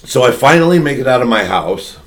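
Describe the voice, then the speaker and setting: A man's voice: mid-range voice, big pitch swings, fairly quick. Profane rambling male podcast storyteller. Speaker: podcast host. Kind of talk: casual storytelling chat.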